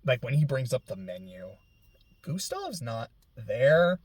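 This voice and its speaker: A man's voice: medium pitch, very animated, slow, a little mellow, no echo. A young man casually chatting about a video game, rambling with lots of fillers and laughing through near tears. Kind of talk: casual gaming chat.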